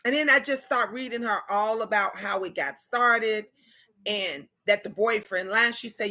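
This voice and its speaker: Bright-voiced woman telling reading stories. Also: medium pitch, moderate pace. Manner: animated storytelling, quoting spirits and viewers in character. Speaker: tarot reader and channel host. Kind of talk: casual livestream chat.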